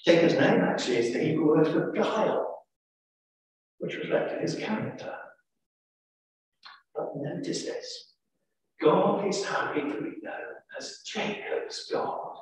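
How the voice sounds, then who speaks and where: A man's voice: a little high, expressive, slow pace, long pauses, slight background noise. A man with an English accent preaching a sermon, telling a story with dramatic emphasis. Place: large church. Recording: echoey church from far off.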